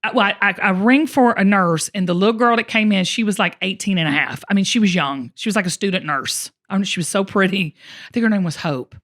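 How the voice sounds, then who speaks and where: A woman host telling a personal story in casual conversation, emotional and expressive, often speaking straight to her listeners. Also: mid-range voice, fast. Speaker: show host.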